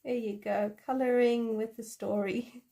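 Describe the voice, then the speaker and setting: A woman's voice: a little high, fairly even intonation, unhurried, creaky, warm tone. A woman hosting a coloring livestream, chatting playfully with viewers and making up a story as she goes. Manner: giggly and playful. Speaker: livestream host. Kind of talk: casual chat while coloring, improvising a story.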